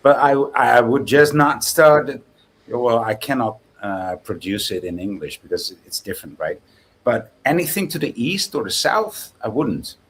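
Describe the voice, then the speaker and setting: A man's voice: medium pitch, very animated, moderate pace, fairly bright tone. A man from the Netherlands explaining himself reflectively in a casual podcast chat.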